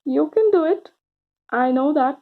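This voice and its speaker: A woman teaching grammar to children, speaking slowly and encouragingly, stretching out key words and pausing for answers. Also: sits high, animated, narrow, tinny audio. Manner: slow, encouraging, drawn-out words with pauses for answers.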